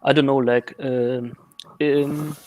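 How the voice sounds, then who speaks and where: A man from Ukraine, a guest on an online panel, answering in halting, hesitant casual speech. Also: medium pitch, flat delivery, darkish tone, low-quality recording. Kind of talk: casual group chat.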